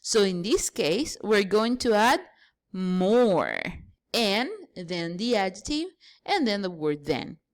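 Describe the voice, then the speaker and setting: Slow, patient woman teaching English grammar. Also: medium pitch, animated. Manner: patient, step-by-step explaining, spells out letters. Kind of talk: grammar lesson.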